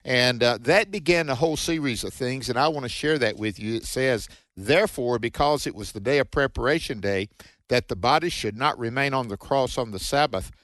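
A man's voice: medium pitch, brisk, a bit bright, dry recording. A man co-hosting a Bible teaching radio show, reading scripture aloud and commenting in an earnest, preacherly way.

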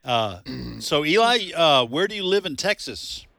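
Male call-in radio host, animated and friendly, dry close mic. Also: a little high, unhurried, creaky, dry recording. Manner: friendly, takes calls. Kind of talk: casual radio chat. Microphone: studio microphone.

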